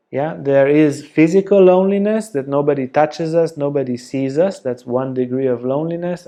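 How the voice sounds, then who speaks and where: A man giving a spoken teaching talk, slow and deliberate, often checking in with a soft "yeah?". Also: a little high. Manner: slow, deliberate, gentle delivery with frequent "yeah?". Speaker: yoga teacher.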